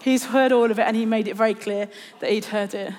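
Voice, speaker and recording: A woman delivers a conversational sermon in a slightly high voice. She tells stories with humour and pokes fun at herself. Her words ring with the long reverb of a large church hall. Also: fairly even intonation, fast talker, darkish tone. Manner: chatty, humorous, self-deprecating storytelling. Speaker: preacher.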